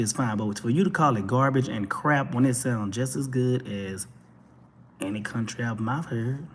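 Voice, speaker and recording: A man with a Texan accent giving casual, animated commentary as a talk show host, speaking straight to his viewers. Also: medium pitch, husky. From Texas. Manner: animated, preachy, addresses viewers directly.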